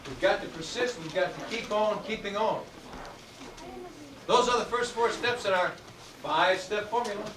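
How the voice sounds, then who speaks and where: Man coaching kids in an echoey room. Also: high-pitched. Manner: call-and-response, drawn-out emphatic words. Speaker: motivational speaker for students. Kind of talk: motivational talk to a youth audience. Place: indoor room with students and adults. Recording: echoey room, distant mic, noisy.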